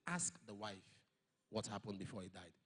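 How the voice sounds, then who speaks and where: A man voicing God as a solemn, deep speaker, giving slow, grave pronouncements. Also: big pitch swings, a bit bright, slightly rough, exaggerated voice. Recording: long hall reverb.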